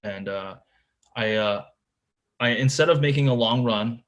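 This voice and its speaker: A man with a mid-range voice, speaking at a measured pace, guests on a podcast and casually tells a tournament fishing story. He fills it with "like" and "dude," often restarting sentences and repeating words as he goes.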